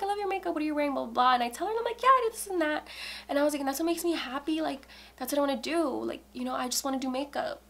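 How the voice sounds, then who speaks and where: Woman in her 20s doing a casual storytime vlog, fry in her voice, swears and says like a lot. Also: on the high side. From Texas. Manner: candid, swears a lot, fillers like "like". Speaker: beauty vlogger.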